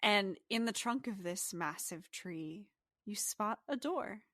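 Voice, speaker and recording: A woman's voice: mid-range voice, animated, takes it slowly, no room sound, clean studio sound. Woman narrating as game master. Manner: descriptive, softly paced.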